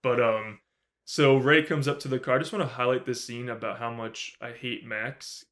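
A man co-hosting a podcast, recapping a horror film in casual, animated talk, swearing often and acting out the characters' lines. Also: medium pitch, moderate pace. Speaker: podcast co-host. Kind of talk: casual movie review recap.

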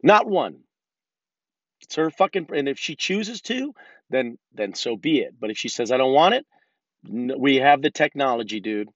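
A man's voice: mid-range voice, expressive, normal speed, a bit bright, dry recording. A man in his thirties ranting casually and profanely, rambling with many restarts, in a car. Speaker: vlogger. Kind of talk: casual rant. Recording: dull lo-fi sound.

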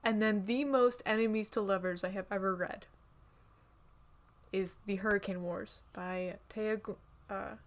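Woman, podcast co-host, casual book chat, gushing, chatty, mid-pitched voice. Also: steady tone, unhurried. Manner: gushing and chatty, with frequent laughs and restarts.

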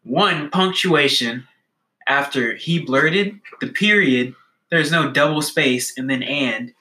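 Bright-voiced man rambling through jokes. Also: fairly high pitch, slow pace, reverberant, rough recording. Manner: rambling, self-interrupting, playful. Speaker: co-host reading jokes. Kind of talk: casual comedic chat.

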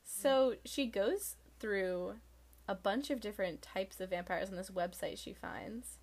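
A woman's voice: mid-range voice, measured pace, a little mellow. A young woman co-hosting a podcast, chatting casually about a book with exasperated, sarcastic comments. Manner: exasperated, sarcastic, laughs often. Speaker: podcast co-host. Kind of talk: casual book-discussion chat.

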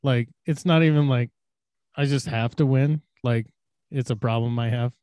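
Young male podcaster, loose and vulgar, dry close mic, acts out yelled lines. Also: medium pitch, normal speed, clean tone, no room sound. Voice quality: loose and profane, acts out shouted quotes. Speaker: podcast co-host. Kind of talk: crude casual storytelling.

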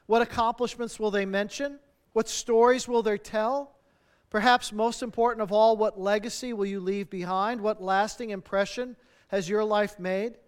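Guy preaching a sermon, high clear voice, earnest, lots of rhetorical questions. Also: steady tone, moderate pace. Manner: earnest, rhetorical questions, drops soft at phrase ends. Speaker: pastor.

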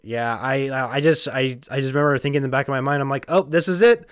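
A man's voice: medium pitch, flat delivery, quick pace, a bit bright, clean tone, no echo, studio quality. Casual, laughing male podcast host. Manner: rambling, self-deprecating, laughs often.

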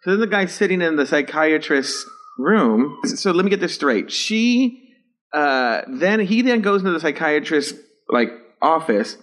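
A man co-hosting a casual podcast, his voice fairly high and bouncing with lively intonation. He keeps poking at the story with questions and playful jokes. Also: measured pace. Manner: quizzical, fires off questions and teasing jokes. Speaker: podcast co-host.

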